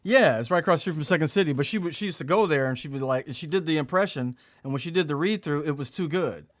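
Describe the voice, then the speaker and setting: A man's voice: on the high side, fast talker. A male comedian hosting a comedy podcast, reminiscing in an easygoing way with lots of fillers and laughs. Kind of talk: casual comedy podcast chat.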